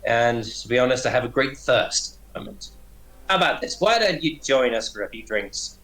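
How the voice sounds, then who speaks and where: A man's voice: medium pitch, sing-song, moderate pace, fairly bright tone. A man voicing a towering, jovial female half-orc brawler with a hearty, friendly manner.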